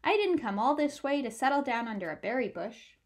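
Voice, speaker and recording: A woman's voice: on the high side, sing-song, a little fast. A woman voicing a young male mouse from a storybook, polite and eager. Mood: earnest. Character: young hopeful male mouse, earnest and brave.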